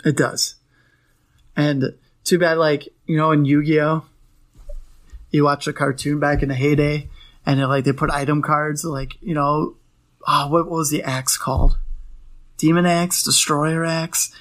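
A playful young man with a fairly high voice chats casually as a podcast co-host. He rambles and restarts his thoughts, then jokes around with his partner. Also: level tone, unhurried, long pauses, fairly bright tone. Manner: rambling, playful, self-correcting. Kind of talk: casual chat about trading cards.

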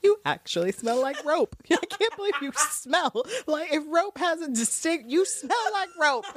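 A woman co-hosting a podcast in casual chat, animated and laughing often, on a close mic. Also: high voice, unhurried, a crowd in the background. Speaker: podcast co-host.

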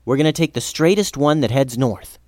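A man's voice: medium pitch, lively intonation, brisk, a little mellow, no room sound, lightly acted. A man voicing a decisive kid leader in a read-aloud story, close to his own voice. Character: take-charge kid leader.

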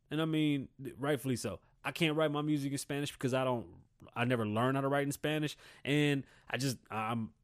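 A man in his thirties from Puerto Rico, hosting his show with a blunt and heated rant, loaded with swearing. His voice sits a bit high for a man and keeps an edge of exasperation throughout. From Puerto Rican. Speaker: podcast host. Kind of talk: casual profane rant.

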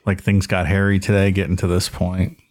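A man's voice: deep voice, level tone, brisk, darkish tone. A male podcast co-host who comments bluntly and casually on a true-crime story. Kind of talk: casual chat.

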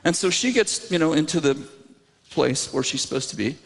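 A man preaching, telling a story in an animated, self-mocking way with lots of laughter, in a church sanctuary. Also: a little high, fairly quick, creaky. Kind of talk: sermon storytelling. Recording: reverberant hall with faint noise.

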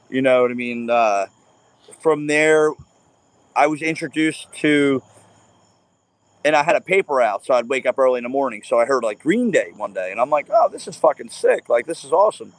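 Profane, animated man telling stories. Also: medium pitch, dry recording. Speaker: podcast guest. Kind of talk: casual chat.

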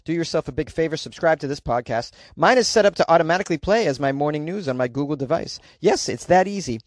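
A man hosting a comedic weird-news podcast, with a voice pitched a touch above most men. He jokes his way through the stories with playful asides. The sound is dry and close, with no room around it. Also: dry recording. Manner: jokey, playful asides, breaks into silly singing. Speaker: podcast host.

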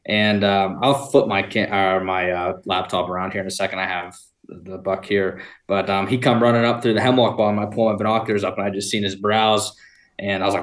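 A man's voice: lowish voice, steady tone, fairly quick. A young man, a podcast guest, telling a long, rambling hunting story in casual talk, often laughing.

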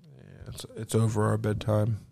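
A man hosting a home podcast, telling an animated, profane story in casual chat and acting out the voices of the people he quotes. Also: on the low side, moderate pace, vocal fry, breathy edge, dry recording. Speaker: podcast host.

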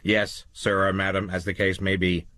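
A man's voice: sits low, flat delivery, normal speed, sharp tone, dry recording. Man voicing a polite robot cab driver. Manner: formal, respectful.

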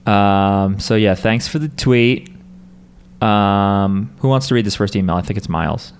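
Speaking unhurriedly in a lowish, clear and resonant tone, a man hosts a laid-back podcast. His talk rambles, packed with fillers and restarts.

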